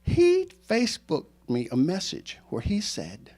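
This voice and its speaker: An older man in his sixties, a former teacher and coach, tells a true story to a live audience. He delivers it in an animated, joking way, poking fun at himself. His voice sits fairly high and swoops up and down a great deal. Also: measured pace, few pauses. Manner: animated, joking, self-mocking asides.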